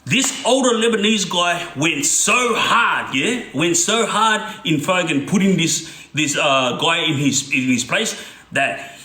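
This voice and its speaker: A man's voice: a little high, animated, unhurried, bright, forceful tone. A middle-aged man, casually telling a story and checking in with "yeah?". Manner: casual, asks "yeah?" often. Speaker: former gang member telling stories. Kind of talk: storytelling monologue. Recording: echoey room.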